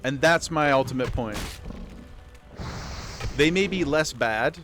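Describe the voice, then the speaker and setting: A man's voice: mid-range voice, slow, music in the background. Rambling male streamer chatting with viewers. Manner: rambling, restarts sentences, talks to chat. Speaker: livestreamer. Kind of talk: casual chat with viewers while gaming.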